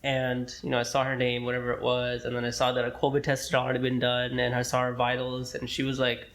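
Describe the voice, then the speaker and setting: A young man co-hosting a casual podcast, telling a story from his hospital rotation in a loose, rambling way. He swears freely, clears his throat often and slips into voices for the people in his story. His pitch sits in an ordinary middle range. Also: completely flat delivery, quick pace, fairly bright tone. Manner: rambling, profane, acts out quoted dialogue, frequent throat clearing. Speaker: podcast co-host, medical student.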